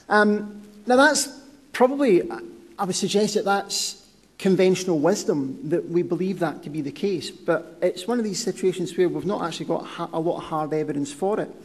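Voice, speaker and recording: A middle-aged man giving a conference lecture, explaining steadily with frequent ums and restarts. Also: a little high. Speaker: podiatry researcher giving a lecture. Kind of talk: conference presentation. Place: lecture hall. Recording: reverberant lecture hall.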